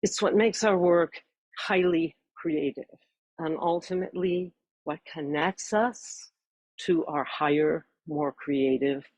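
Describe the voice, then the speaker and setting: A woman in her sixties, a voice teacher, earnestly introducing her course at a measured pace with warm emphasis. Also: low voice, dry recording, poor audio.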